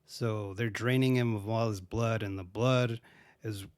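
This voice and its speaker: A man's voice: lowish voice, fairly even intonation, a little slow, a little mellow, clean tone, dry recording, clean studio sound. Rambling, profane man recapping a movie. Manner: profane, rambling, says "dude" a lot. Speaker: podcast host. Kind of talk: casual solo movie recap.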